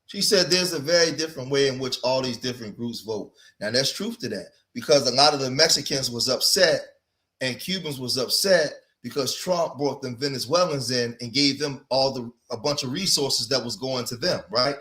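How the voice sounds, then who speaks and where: Dude doing a reaction stream, gets loud and fired up, talks to y'all. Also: male voice, mid-range voice, normal speed. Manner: animated, rising to loud emphatic outbursts, addresses viewers as y'all. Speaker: commentary host. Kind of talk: casual reaction commentary.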